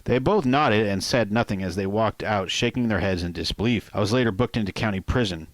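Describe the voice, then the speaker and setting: A man with a low voice reads his own novel in first person. He keeps a plain, unhurried pace and now and then speaks straight to the listener. The recording is dry and close, with no room echo. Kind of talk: first-person audiobook narration.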